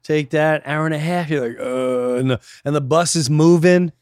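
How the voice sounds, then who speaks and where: A middle-aged man, a podcast guest, telling animated stories with lots of swearing and acted-out voices. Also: on the high side, normal speed, clean tone, no room sound, studio quality. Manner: acts out quoted voices, swearing, laughing. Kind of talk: animated storytelling.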